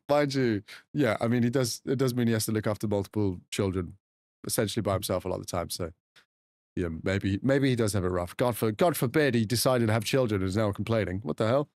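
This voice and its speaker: A man's voice: lowish voice, animated, brisk, a little mellow, no room sound, studio quality. A man in casual, teasing chat with his live viewers as a game streamer, swearing freely.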